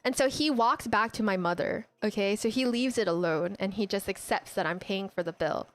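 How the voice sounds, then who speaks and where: A young woman streamer chatting casually, telling an animated story full of "like" and restarts. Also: mid-range voice, moderate pace, soft background music. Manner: animated storytelling, heavy use of "like". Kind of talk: casual chat.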